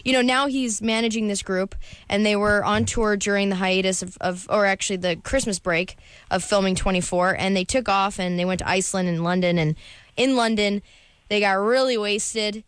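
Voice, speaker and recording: A woman's voice: medium pitch, fairly even intonation, normal speed, clean tone, no echo. A woman guest on a call-in radio show, chatting casually with frequent laughs and hesitations.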